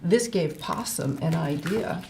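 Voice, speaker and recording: An older woman reading a folk tale aloud as storyteller host, animated with playful asides. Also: on the low side, unhurried, a little hiss or hum. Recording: roomy echo.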